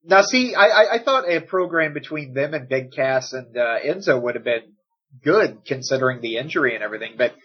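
A man co-hosting a casual wrestling chat, enthusiastic and excitable, often repeating his words. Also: mid-range voice, a little fast, husky. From United States. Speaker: wrestling podcast co-host. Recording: dull lo-fi sound.

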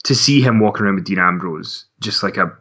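A man's voice: low voice, fast talker, sharp tone, breathy edge. A man co-hosting a wrestling podcast in casual chat, rambling and self-mocking with frequent laughs. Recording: dull lo-fi sound.

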